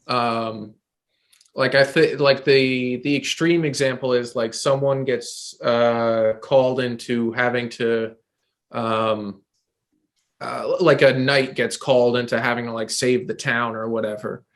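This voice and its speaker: A man's voice: mid-range voice, fairly even intonation, unhurried. A man co-hosting a podcast, explaining an idea in a searching way with many fillers and restarts. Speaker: podcast co-host. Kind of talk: casual chat.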